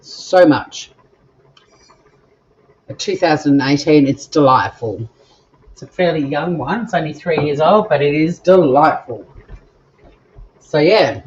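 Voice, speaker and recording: A woman's voice: low-pitched, expressive, slow pace, long pauses, darkish tone, lo-fi sound, slight background noise. An Australian woman hosting a live cooking stream from her home kitchen, chatting to viewers in a bubbly way as she cooks. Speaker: cooking show host.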